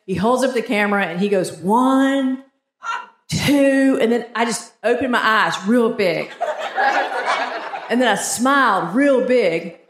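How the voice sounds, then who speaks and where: A woman's voice: medium pitch, normal speed. A woman in her fifties with a Southern US accent, telling self-mocking stories on stage as a stand-up comedian. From Georgia, US. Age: 50s. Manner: animated storytelling, self-mocking. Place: theater stage before a live audience. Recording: echoey theater with audience noise.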